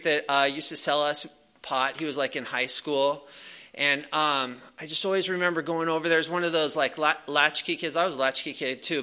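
A man's voice: a little high, sharp tone, clear, resonant tone. A man casually telling a personal story to a live audience. He rambles loosely, with many fillers and restarts. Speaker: speaker sharing a recovery story.

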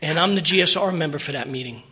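A man's voice: a little high, quick pace, pushed and bright, husky. A middle-aged man telling his personal recovery story at a meeting, earnest and emotional, rambling with restarts.

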